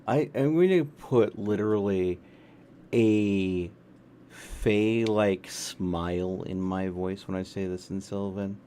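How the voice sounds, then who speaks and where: A man with a low, dark, mellow voice plays a tabletop game. He talks slowly and thinks aloud, restarting his sentences. His tone is wry and relaxed. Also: slight background noise. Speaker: player. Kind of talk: casual tabletop game chat.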